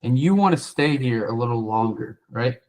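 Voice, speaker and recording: A man's voice: medium pitch, lively intonation, normal speed, a little mellow, poor audio. A man coaching a trainee on cold calls, blunt and profane, acting out the lines of callers and sellers. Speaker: sales coach. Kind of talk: coaching feedback after a sales role play.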